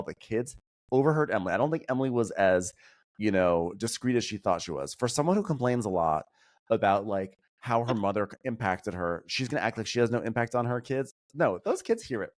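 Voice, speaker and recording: A man guesting on a podcast, chatting about reality TV in an animated, opinionated way and mimicking people he quotes. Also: mid-range voice. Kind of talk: casual pop-culture chat.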